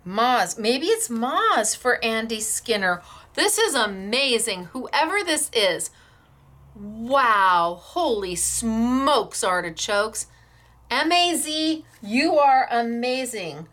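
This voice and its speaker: A woman hosting a craft show, excitedly showing off viewers' samples, gushing and stammering as she talks. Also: a little high, slow pace.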